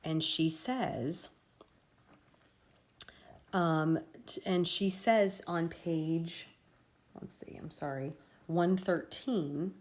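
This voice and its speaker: A woman's voice: low voice, very slow, pauses often, a little mellow. A woman teacher talking students through a play in a recorded lesson, conversational and often checking in with "okay?".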